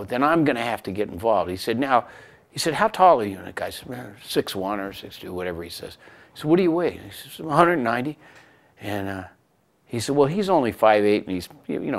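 Lively low-voiced man, self-mocking. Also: gravelly. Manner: self-mocking, animated storytelling. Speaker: composer recalling a story. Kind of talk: interview anecdote.

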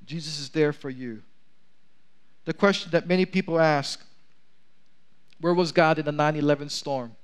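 A man's voice: on the high side, moderate pace, pauses often, smooth. A man preaching a sermon in a large church, calling for amens from the congregation and reading scripture aloud. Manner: preaching with rising intensity, asks for amens. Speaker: pastor.

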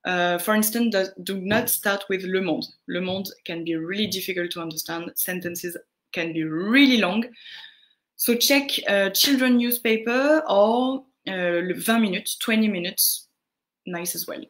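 A woman with a French accent giving casual French lessons, answering viewer questions with frequent pauses and fillers. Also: mid-range voice. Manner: unhurried, answering viewer questions, greets chatters; hesitant, many fillers. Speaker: French tutor on a live stream.

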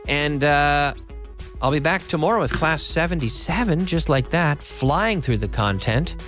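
A man's voice: fairly high pitch, expressive, a little slow, fairly bright tone, faint music behind. A man teaching an English lesson on the radio, explaining phrases at an easy pace, dropping in Spanish glosses and answering listener questions.

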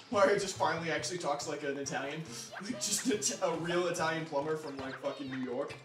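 A man's voice: a little high, a little fast, distant mic. A man giving crude, joking commentary while playing a video game. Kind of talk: casual gameplay commentary. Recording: echoey room, mic off a bit, game music.

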